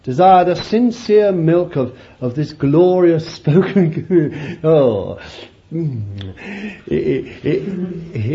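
Animated preacher with a mellow voice. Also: male voice, a little high, slow pace, dull audio. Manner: animated, laughs often, calls listeners beloved. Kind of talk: sermon.

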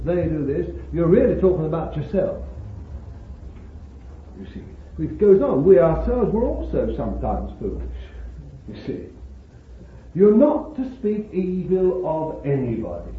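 A man's voice: on the high side, very animated, measured pace, long pauses, a little hiss or hum. A man preaching a sermon to a congregation, emphatic and exclaiming, breaking into chuckles. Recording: tinny phone-like old sermon tape, echoey hall.

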